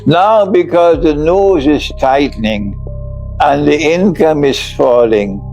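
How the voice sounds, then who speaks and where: An older man giving a slow, emphatic religious lecture as an Islamic scholar, often breaking into laughter. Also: on the high side, lively intonation, gravelly, a little mellow, faint music behind, low-quality recording.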